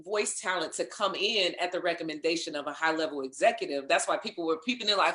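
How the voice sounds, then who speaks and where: A woman being interviewed, telling a lively story in casual conversation, acting out what others said and laughing along. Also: lowish voice, fast, few pauses, reverberant. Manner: animated storyteller, acts out others' lines, laughs. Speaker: interview guest, singer and voice actor.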